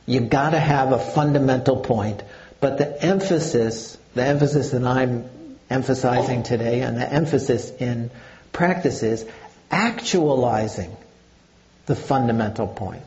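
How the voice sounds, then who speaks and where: Older Zen teacher, dark mellow voice, unhurried and halting delivery. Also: male voice, mid-range voice, highs cut off. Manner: slow, halting, with many fillers. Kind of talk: dharma talk.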